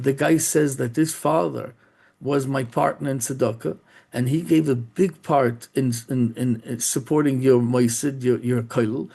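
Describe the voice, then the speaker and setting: A man, a rabbi, telling a story in a sermon with a halting delivery full of restarts and repeated words. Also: medium pitch, steady tone, creaky, mellow, breathy edge.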